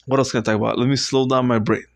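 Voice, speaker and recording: A young man rambling through a solo comedy monologue at home, swinging from low mutters to loud shouted bursts and swearing often. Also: flat delivery, very fast, creaky, background noise. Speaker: vlogger doing improv comedy. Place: at home, indoors.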